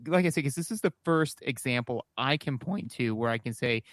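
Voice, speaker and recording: A man in his thirties co-hosting a podcast, casually reviewing a retro game and agreeing often in a halting way. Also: mid-range voice, lively intonation, no echo, clean studio sound. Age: 30s. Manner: agreeable, halting, repeats "like" and "you know". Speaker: podcast co-host.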